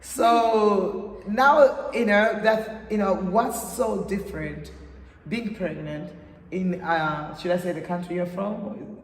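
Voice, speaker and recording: A man's voice: sits high, slow pace, recorded from a distance. A man hosting a casual interview, rambling and repeating words, laughing often. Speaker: host. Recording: echoey room with long reverb, off-mic.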